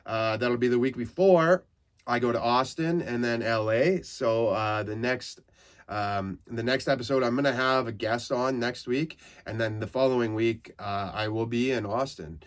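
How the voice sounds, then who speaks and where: A man's voice: medium pitch, steady tone, normal speed. A man from Canada hosting a comedy podcast, rambling through crude stories with frequent laughs. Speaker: podcast host. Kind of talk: casual comedic monologue.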